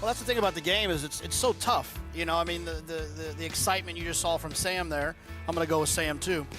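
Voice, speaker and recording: A man commenting on a horse race on air, reflective and halting with repeated words. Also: a little high, over music. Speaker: racing analyst. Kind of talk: racing commentary.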